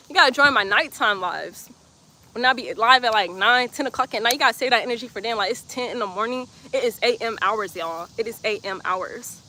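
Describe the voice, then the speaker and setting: Playful, bright-voiced woman streaming outdoors. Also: fairly high pitch, animated, moderate pace. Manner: playful, teasing, laughs often, repeats phrases. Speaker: livestreamer reading chat comments. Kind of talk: casual livestream chat. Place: outdoors in sunlight.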